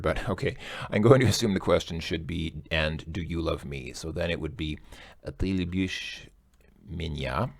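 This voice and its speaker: A man's voice: sits low, no echo, studio quality. A man working through a language test aloud in a casual recorded lesson, hesitant and correcting himself as he goes.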